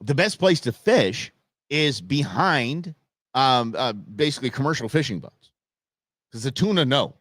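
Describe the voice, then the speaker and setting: Animated man ranting on a live show. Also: medium pitch, normal speed, no echo, studio quality. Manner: animated, stammering repeats, sarcastic. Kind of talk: casual livestream rant.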